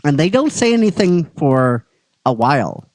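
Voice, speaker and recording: Halting, animated male storyteller. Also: a little high, no room sound, rough recording. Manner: halting, with restarts, occasional swearing. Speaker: show host. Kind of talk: casual story retelling.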